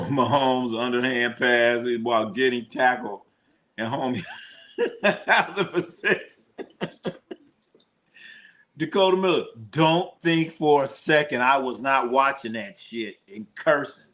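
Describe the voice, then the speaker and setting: Man, sports watch party host, casual live commentary, animated, laughs and swears. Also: medium pitch, slow, a little hiss or hum.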